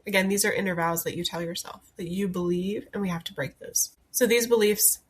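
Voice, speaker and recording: A woman in her thirties hosting a faith-based self-help podcast, speaking in a gentle, earnest coaching manner with many rhetorical questions. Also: mid-range voice, brisk, slightly rough. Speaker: podcast host and wellness coach.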